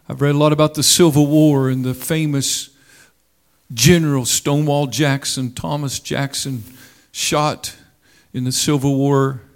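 A man preaching a sermon in a slow, deliberate way, with dramatic rises and drops in his delivery. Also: fairly high pitch.

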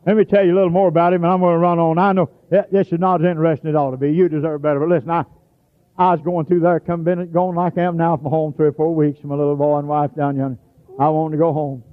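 Folksy preacher on a tinny old radio recording. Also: male voice, a little high, flat delivery, fast talker. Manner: folksy storytelling, bursts into shouts. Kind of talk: sermon.

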